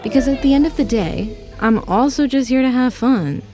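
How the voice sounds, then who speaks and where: A woman's voice: high-pitched, lively intonation, normal speed, warm tone, a faint crowd. A young woman giving candid, wry and upbeat voice-over narration for her vlog. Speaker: vlogger. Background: music playing underneath.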